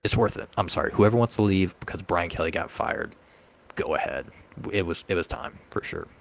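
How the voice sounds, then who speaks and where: Man, very deep, gravelly, heated sports rant. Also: animated, fairly quick, a little hiss or hum. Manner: heated, ranting fan. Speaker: podcast co-host. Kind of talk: casual sports chat.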